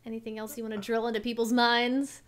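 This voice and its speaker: A woman hosting a casual podcast chat, friendly and quick to laugh. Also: fairly high pitch, little pitch movement. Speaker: podcast host.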